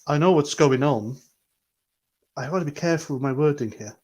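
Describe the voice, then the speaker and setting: A man's voice: a little high, a little fast, a little mellow. A man hosting a livestream, talking earnestly and rambling as he reads out chat comments. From Britain. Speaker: livestream host.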